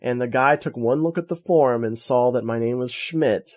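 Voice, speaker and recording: A man co-hosting a podcast in casual talk, telling a movie plot in an animated, jokey way and acting out the quotes. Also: medium pitch, moderate pace. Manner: animated, jokey storyteller who acts out quotes. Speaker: podcast co-host. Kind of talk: casual movie review chat.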